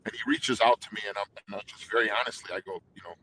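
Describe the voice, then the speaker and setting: A man's voice: lowish voice, racing, bright, forceful tone, slight background noise, rough recording. Intense, rambling middle-aged man. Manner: intense, rambling storyteller with many restarts. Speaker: guest singer. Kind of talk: casual interview talk.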